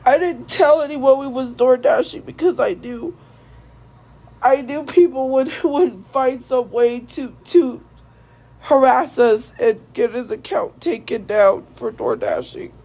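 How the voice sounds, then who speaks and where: A young woman streamer speaking to viewers in a tearful, halting way, grief-stricken and repeating herself. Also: sits high, dark tone, rough recording. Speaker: live streamer. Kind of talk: emotional monologue to viewers.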